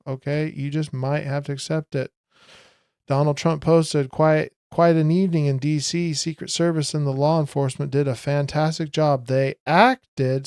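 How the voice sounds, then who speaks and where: A man giving a casual commentary vlog, talking in an emphatic, rambling way that rises into loud bursts. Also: medium pitch, no room sound, studio quality. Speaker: video commentator.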